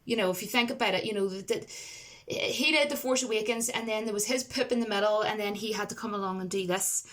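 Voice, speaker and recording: A woman's voice: medium pitch, quick pace, fairly bright tone. A woman giving a casual, rambling film review to camera. She talks emphatically and uses a lot of fillers.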